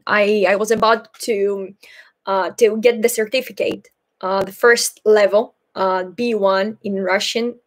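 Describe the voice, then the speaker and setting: Slow, hesitant young woman. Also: medium pitch. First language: Greek. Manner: hesitant, thoughtful, a little shy, many fillers. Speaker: Greek teacher and channel host. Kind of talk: live Q&A answering viewers.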